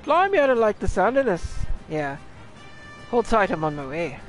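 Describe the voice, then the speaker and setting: A man's voice: high voice, very animated, moderate pace, faint music behind, pitched above the performer's own voice, rough recording. A man voicing a rowdy, bossy male skeleton pirate sailor in a put-on British pirate accent, reading game dialogue aloud. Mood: urgent. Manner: gruff, rough sailor slang, teasing threats.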